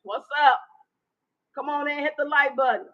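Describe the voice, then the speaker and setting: A woman in her fifties hosting a casual live chat, loud, blunt and profane. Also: sits high, normal speed, muffled recording. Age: 50s. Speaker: livestream host.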